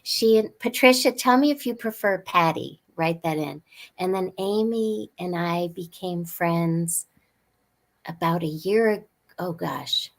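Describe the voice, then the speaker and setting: A woman guest on a podcast, chatting in a bubbly, rambling, excitable way. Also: lowish voice, a little slow. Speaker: guest actress. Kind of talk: casual podcast chat.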